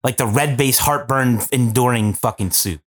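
A man's voice: mid-range voice, moderate pace. A married man ranting profanely in a casual podcast chat, with exaggerated complaints. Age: adult, married. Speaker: podcast co-host.

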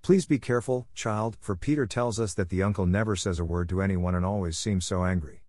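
A man's voice: low-pitched, fairly quick, darkish tone, dry recording, clean studio sound, natural voice. A man voicing an anxious village mother who warns the girl. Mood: warning.

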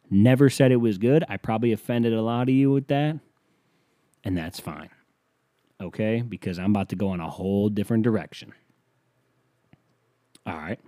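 Male comic, deep mellow voice, foul-mouthed sarcastic rambling delivery. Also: dry recording, clean studio sound. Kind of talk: rambling comedic rant.

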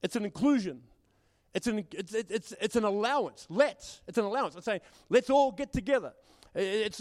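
A man's voice: sits high, a little mellow. Guy pastor giving a sermon, stumbles over repeated words, church hall echo ringing on and on. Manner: repeats words, acts out quoted voices. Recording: long hall reverb.

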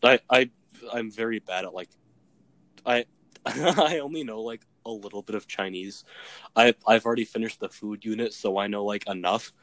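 A man's voice: fairly low pitch, normal speed, a bit bright. A young man in casual chat, rambling with lots of filler words. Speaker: conversation partner.

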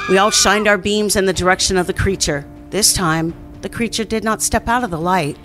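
A woman reading a first-person scary campfire story as scripted narration, at a steady storytelling pace. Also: mid-range voice. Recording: faint music underneath.

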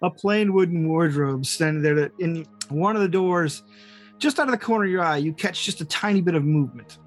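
A man's voice: on the high side, fairly quick, faint music behind. Hesitant man running a tabletop game. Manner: hesitant, many fillers and restarts. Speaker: game master.

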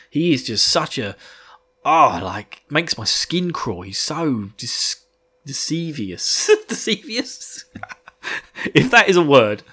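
A man's voice: mid-range voice, pushed and bright, husky. A man hosting a casual book podcast, enthusiastic and rambling, laughing often. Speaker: podcast host.

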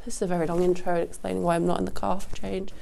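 A woman's voice: fairly low pitch, flat delivery, racing, vocal fry, dark tone. A woman hosting a rambling solo podcast, sick and sniffly, casual and sweary, talking outdoors into a lapel mic with wind behind her. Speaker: podcast host. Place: outdoors at a windy horse yard. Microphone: lapel mic clipped to jacket. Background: wind noise.

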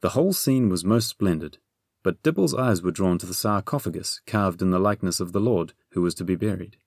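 Gravelly low-voiced male storybook narrator. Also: animated, a little fast, darkish tone, dry recording, clean studio sound. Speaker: audiobook narrator.

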